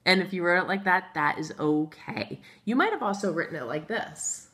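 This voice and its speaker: The teacher here is a woman with a fairly low, fairly bright voice, lively intonation and a normal pace. Her first grade phonics lesson is recorded for remote learning. She encourages the children patiently and spells words letter by letter while writing them on a board.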